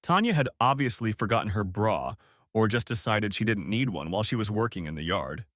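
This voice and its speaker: A man's voice: fairly low pitch, expressive, fairly quick, a bit bright, no room sound, studio quality. A man narrating a dramatic first-person audiobook story in a scripted reading.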